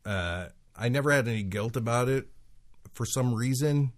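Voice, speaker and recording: A man's voice: medium pitch, normal speed. A man who is a guest on a podcast, chatting casually and telling stories animatedly, laughing often as he goes. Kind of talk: casual chat.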